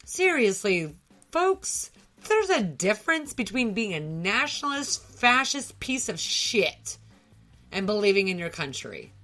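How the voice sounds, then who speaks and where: A woman's voice: mid-range voice, sing-song, measured pace, pushed and bright, faint music behind. A woman from the United States co-hosting a podcast, talking in a heated, profane, emphatic way. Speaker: podcast co-host. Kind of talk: angry rant on a podcast.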